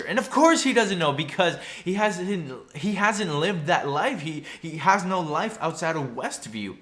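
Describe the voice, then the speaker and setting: A man's voice: fairly high pitch, measured pace, few pauses. A man casually recapping a TV episode, chatty and filled with "you know" asides, sometimes acting out the characters' lines. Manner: acts out character lines in animated voices. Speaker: TV recap vlogger.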